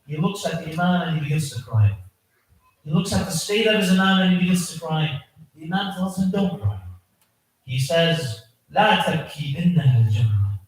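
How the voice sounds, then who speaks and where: A man giving an emotional sermon, telling a story slowly and breaking into chanted Arabic phrases. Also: high-pitched. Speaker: speaker at a mosque gathering. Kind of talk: sermon narration with Arabic recitation. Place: large prayer hall indoors. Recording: very echoey hall, voice from far off.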